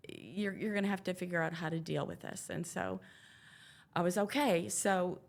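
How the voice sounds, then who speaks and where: A woman's voice: fairly low pitch, steady tone, moderate pace, gravelly. An older woman, a guest on an interview podcast, telling her own story in an earnest, reflective way and quoting past conversations.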